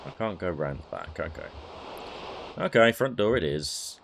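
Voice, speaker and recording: A man's voice: sits low, sing-song, moderate pace, creaky, very noisy. A man casually commenting on a retro adventure game, wry and self-mocking. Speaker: let's-play host.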